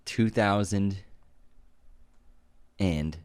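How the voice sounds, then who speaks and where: A man's voice: on the low side, drawn-out words, clean tone, no echo. A man co-hosting a podcast and running a movie quiz in a playful, casual chat. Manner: playful, laughs at own slips. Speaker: podcast co-host and quiz master.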